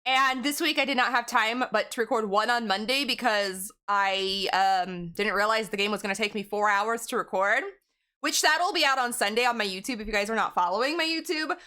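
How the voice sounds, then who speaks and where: A woman's voice: on the high side, brisk, pushed and bright. A woman game streamer in casual live-stream chat, rambling and giggling as she talks to her viewers.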